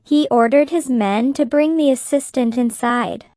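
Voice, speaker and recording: Slow, clear woman reading a story. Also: sits high, a little mellow, dry recording, clean studio sound. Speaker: narrator. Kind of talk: slow graded-reader story narration.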